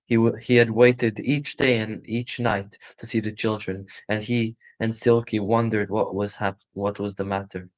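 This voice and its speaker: A man giving a live reading of a children's storybook in a calm, steady voice. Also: lowish voice, moderate pace, hardly any pauses. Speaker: storybook reader. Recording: muffled lo-fi recording.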